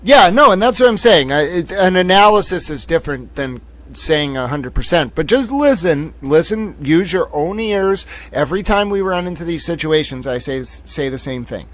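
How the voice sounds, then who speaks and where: A man hosting a livestream, commenting excitedly and profanely on clips he plays back, often repeating himself. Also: fairly high pitch, normal speed. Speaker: livestream host. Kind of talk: casual commentary on played clips.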